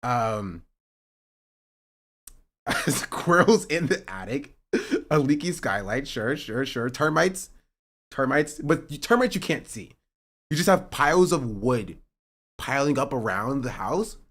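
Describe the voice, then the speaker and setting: A young male streamer talks casually with his audience. His pitch swings widely as he jokes sarcastically. At times he works himself up into a heated rant. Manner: joking and sarcastic, reading chat aloud; rising to animated ranting. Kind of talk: casual livestream chat.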